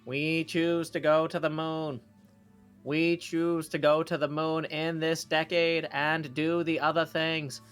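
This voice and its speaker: A man putting on a slow Massachusetts orator. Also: on the high side, fairly bright tone, clear, resonant tone. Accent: Massachusetts (put on). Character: adult male politician orating in a Massachusetts accent.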